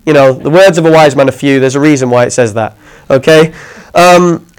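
Conversational preacher, higher voice. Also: male voice, brisk, clear, resonant tone, rough recording. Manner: conversational, checks in with listeners often. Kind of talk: sermon.

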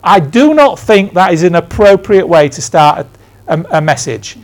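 He's an English preacher in his sixties whose voice sits high, with lively intonation and a moderate pace. In church he tells stories in a conversational sermon, adding emphatic asides at his own expense.

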